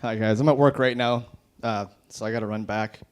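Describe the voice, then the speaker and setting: Man doing deadpan stand-up one-liners. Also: lowish voice, brisk. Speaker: open mic comedian. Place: brewery bar.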